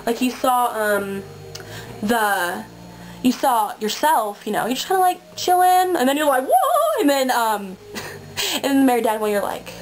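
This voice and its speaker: A young woman with a slightly high voice chats her way through contest feedback, stringing thoughts together with endless "like"s. Now and then she slips into a whisper. A faint hiss of noise sits under the recording. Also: animated, a little slow, rough recording. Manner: chatty and gushing, many "like" fillers, drops into whispers. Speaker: video contest host. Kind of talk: casual chat.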